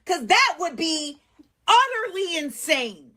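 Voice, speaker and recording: A woman's voice: very high voice, big pitch swings, slow pace, pushed and bright. A woman ranting indignantly and dramatically in a social media video.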